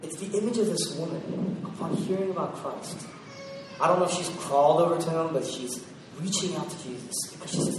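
Man preaching, fairly high voice, dramatic swings from loud to hushed, very echoey hall, distant mic. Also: a little fast, noisy background. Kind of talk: sermon.

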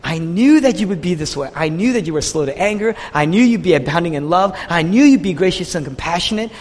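A man's voice: high voice, animated, quick pace. A man voicing an angry, bitter male prophet who pleads and protests in raised outbursts, heard in a large echoing hall. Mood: anguished. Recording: long reverb of a large hall.

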